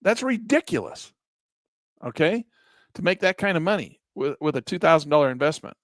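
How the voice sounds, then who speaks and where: A middle-aged man giving a chatty screen-share lesson on day trading, calm in his explanations but now and then breaking into excited exclamations. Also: fairly high pitch, quick pace, no echo.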